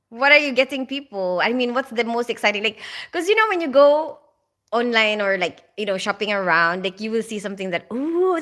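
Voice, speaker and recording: A woman's voice: fairly high pitch, fairly bright tone. A woman hosting a casual live stream from home, chatting with viewers in a rambling way, with plenty of laughter and filler words. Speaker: livestream host reading viewer chat.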